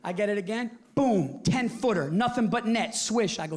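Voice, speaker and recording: A middle-aged man doing a stand-up set on stage, telling a loud, brash story full of swearing and acted-out quotes. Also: high-pitched, normal speed, few pauses. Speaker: stand-up comedian. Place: large theater with live audience. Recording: live show with loud audience laughter. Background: audience laughing.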